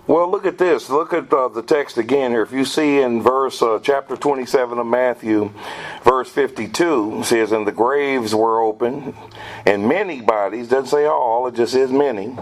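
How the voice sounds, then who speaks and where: A man's voice: mid-range voice, moderate pace, low-quality recording. Man, Bible study leader, quotes scripture, asks the group questions.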